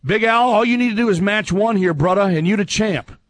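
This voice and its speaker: A man hosting a fill-in-the-blank quiz on a talk show, teasing and laughing with the panel. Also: high voice. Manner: playful, teasing, quick to laugh. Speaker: quiz host. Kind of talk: casual radio banter.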